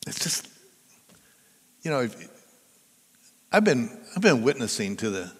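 A man's voice: medium pitch, sing-song, unhurried, husky. An older man preaching as a pastor, telling stories in a chatty, conversational way and drawing the congregation in. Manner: conversational, chatty storytelling that draws the audience in. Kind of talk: sermon. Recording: long reverb of a large hall.

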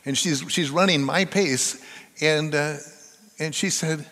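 A man's voice: on the high side, takes it slowly, pushed and bright. An older man preaching as a pastor, telling stories in a chatty, conversational way and drawing the congregation in. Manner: conversational, chatty storytelling that draws the audience in. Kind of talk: sermon. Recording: long reverb of a large hall.

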